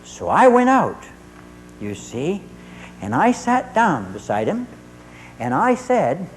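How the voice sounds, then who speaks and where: A man's voice: sits high, slow pace, long pauses, faint music behind, poor audio. Middle-aged therapist guy telling a funny story, acts out the lines, voice jumps all over. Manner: lively storyteller who acts out dialogue. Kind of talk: humorous storytelling talk to an audience.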